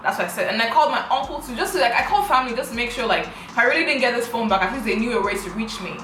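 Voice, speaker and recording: A woman's voice: a little high, animated, rapid-fire, fairly bright tone, roomy sound, slight background noise, low-quality recording. A young woman, animatedly retelling a personal story on her vlog, full of rhetorical questions. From Africa. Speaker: vlogger.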